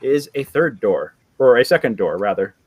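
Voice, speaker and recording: Male game master, loose and chatty, mid-pitched voice, on a desk mic. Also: sing-song, moderate pace, slightly rough. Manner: rambling, with many restarts and laughs. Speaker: dungeon master. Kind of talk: running a live tabletop game online.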